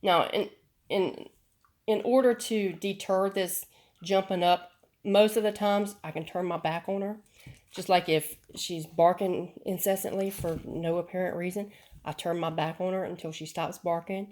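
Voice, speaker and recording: A middle-aged woman talks through a dog training session in a relaxed, chatty way. Her voice sits a bit low for a woman. She often repeats herself as she goes. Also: moderate pace. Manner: chatty, repeats words, sharp commands to puppy. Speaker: dog breeder. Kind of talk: casual training demo.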